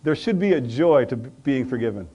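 A man preaching a sermon, calling out to the congregation and swinging between loud and soft. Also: medium pitch, lively intonation, a little fast, slightly rough, muffled recording. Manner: preaching with call-and-response, rising and dropping in volume. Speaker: pastor.

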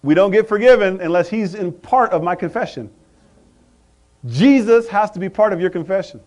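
A pastor with a notably high voice delivers a sermon. He calls out questions to the congregation and waits for answers. His volume swings from loud bursts to quiet asides. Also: animated, moderate pace. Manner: preaching with call-and-response, rising and dropping in volume.

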